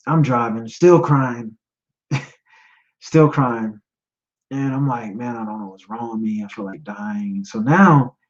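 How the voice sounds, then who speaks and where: A man in his thirties, a podcast host telling his own story in a personal testimony, emotional and halting, repeating himself and fighting back tears. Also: mid-range voice, lo-fi sound. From United States. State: choked up, near tears. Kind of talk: personal testimony, live stream talk.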